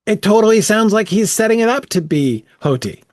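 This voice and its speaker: A man's voice: high-pitched, lively intonation, fairly quick, dry recording, studio quality. A man leading a casual bible study, thinking aloud with frequent "um" and "right?" as he works through the text.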